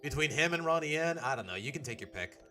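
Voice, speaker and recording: A man's voice: a little high, expressive, fast talker, pushed and bright, faint music behind. A young man chatting casually while live-streaming a game, joking and reading game dialogue aloud.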